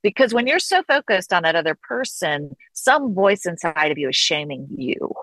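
A woman speaks as an interview guest in a fairly low voice, earnest and reflective. She draws out her key phrases slowly for emphasis. The sound is dry and close, with no room echo. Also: sing-song, a bit bright. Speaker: guest author and counselor. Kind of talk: conversational interview.

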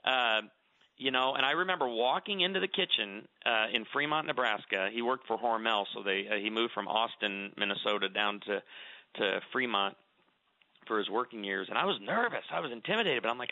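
A man's voice: mid-range voice, expressive, brisk, sharp tone, dry recording. A middle-aged man speaking earnestly in a conversational interview, often repeating words as he starts a thought. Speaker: radio show guest speaker on marriage. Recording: dry, narrow phone-like sound.

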